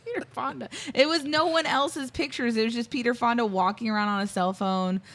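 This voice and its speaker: A woman's voice: fairly high pitch, steady tone, brisk, fairly bright tone. A woman co-hosting a casual film review podcast, retelling scenes at length with lots of ums and likes. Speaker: podcast co-host.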